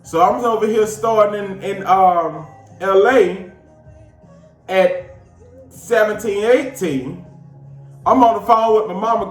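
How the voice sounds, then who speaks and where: A man from Georgia with a Southern accent, casually telling a personal story with lively, slangy delivery and big swings in his voice. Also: high-pitched, unhurried, long pauses, roomy sound, faint music behind. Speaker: show host.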